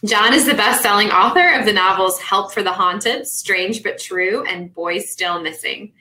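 A woman co-host with a bright, clear voice reads out a guest's introduction. She keeps it measured and steady. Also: medium pitch, low-quality recording. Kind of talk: reading an introduction.

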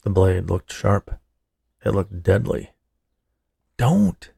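A male narrator reads a horror tale in measured, deliberate scripted narration. His low voice is heavily gravelly and somewhat husky. It is recorded dry and close, with no room sound. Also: mellow, no echo.

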